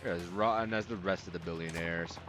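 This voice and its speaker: A man's voice: deep voice, fairly even intonation, a little fast, fairly bright tone, soft background music, pitched below the performer's own voice. A man reading out the lines of a stoic, tough male yakuza fighter from a video game, in a blunt, curt manner. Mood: stern.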